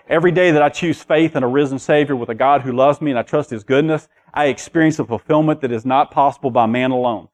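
A man preaching a sermon as pastor, dropping to quiet asides and rising to loud declarations, acting out quoted voices along the way. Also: fairly high pitch. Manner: preaching with big swings between soft asides and loud declarations.

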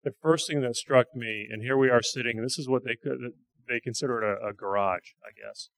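A man sharing stories from a church mission trip in a halting, earnest way. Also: mid-range voice, vocal fry, a bit bright, rough recording. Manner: halting, repeats words, earnest. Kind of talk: casual testimony talk.

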